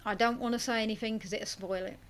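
A woman's voice: fairly high pitch, fairly even intonation, fast talker. A woman co-hosting a casual film podcast, chatty and self-mocking as she reads out listener comments. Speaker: podcast co-host.

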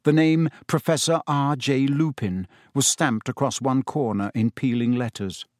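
A man narrating an audiobook chapter in an expressive storytelling voice. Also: mid-range voice, measured pace, dry recording, clean studio sound.

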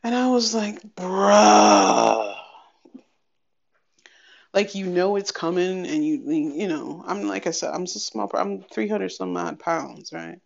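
A woman giving a candid personal update on her podcast, chatty and wry, acting out bits of a conversation in quick animated bursts. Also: on the low side, gravelly. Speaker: podcast host. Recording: slightly dull lo-fi sound.

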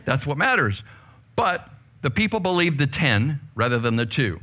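A man preaching a sermon to a youth group, leading call-and-response and swinging from hushed asides to fired-up outbursts. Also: fairly high pitch, very animated, moderate pace. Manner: leads call-and-response with the audience.

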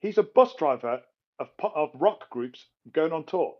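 A man's voice: a little high, measured pace. A man bantering on a casual podcast, making crude jokes. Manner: crude joker, lively and bantering. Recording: dull lo-fi sound.

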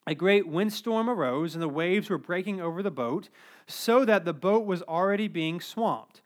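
A male pastor preaching a sermon in a conversational, animated way, with asides. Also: high voice, normal speed.

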